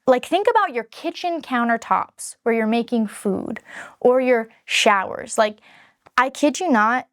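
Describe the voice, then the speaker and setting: Frank, earnest woman with a higher voice. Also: measured pace, no room sound, studio quality. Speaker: vlogger telling her own story. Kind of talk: candid personal storytelling to camera.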